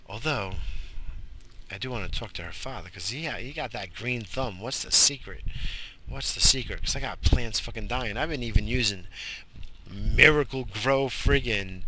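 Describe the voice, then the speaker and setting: A man with a gravelly edge and a bright, sharp tone rambles through a casual vlog. He mutters, curses and repeats himself, and he sounds worn out. A faint hum of surroundings sits behind him. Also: lowish voice, poor audio. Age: adult with a child. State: exhausted. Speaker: vlogger.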